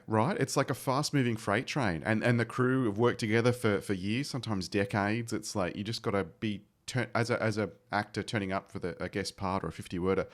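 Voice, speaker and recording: A man, hosting a podcast interview in a chatty, agreeable way. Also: fairly low pitch. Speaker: podcast host.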